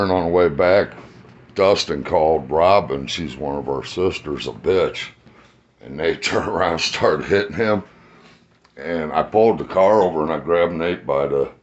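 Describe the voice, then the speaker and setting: A middle-aged man telling rambling, profane stories about his family in a casual vlog, laughing at his own jokes. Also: a bass voice. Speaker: vlogger telling life stories. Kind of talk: casual storytelling. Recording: dull lo-fi sound with faint ambience.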